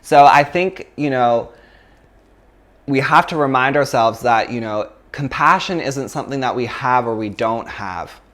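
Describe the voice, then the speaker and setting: A man's voice: medium pitch, a little slow, a bit bright. A man from Canada, a yoga teacher giving a chatty, casual philosophy talk, full of fillers and laughs.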